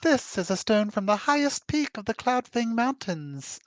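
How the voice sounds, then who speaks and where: Man putting on a high gleeful woman warrior, sing-song, ruthless, dry sound. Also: big pitch swings, normal speed, no room sound.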